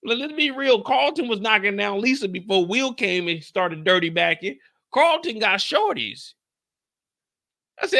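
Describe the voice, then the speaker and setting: A young man from the Bay Area talking through a TV episode with big swings in his pitch and a bright, forceful edge. He's loose and profane, slipping into bits where he acts scenes out. His voice sits high for a man and never stays flat for long. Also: moderate pace. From San Francisco Bay Area. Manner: animated, swearing, acting out scenes. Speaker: show host. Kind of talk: casual TV recap talk.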